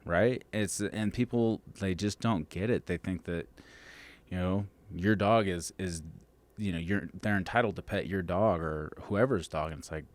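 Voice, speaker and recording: Male dog trainer, podcast guest, low deep voice, emphatic and outspoken, swears in casual talk. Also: normal speed. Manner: blunt, emphatic, swears freely. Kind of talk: casual chat.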